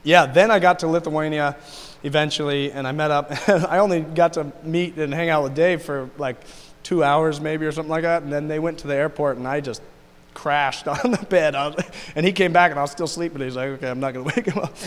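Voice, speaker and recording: A man's voice: on the high side, steady tone, brisk. A man recounting a trip to a group in a casual, rambling way with many restarts and laughs. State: tearful. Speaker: mission trip member. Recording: long hall reverb.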